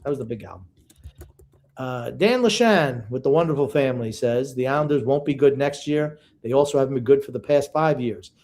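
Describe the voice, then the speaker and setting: An older man co-hosting a casual sports podcast, gruff and opinionated, reading listener comments and ribbing his co-host. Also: medium pitch, expressive, brisk, a little mellow.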